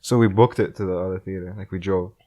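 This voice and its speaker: A man's voice: sits low, fairly even intonation, quick pace, warm tone, dull audio. A young man co-hosting a podcast, telling a rambling story among friends with lots of fillers. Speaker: podcast co-host. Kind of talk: casual chat among friends.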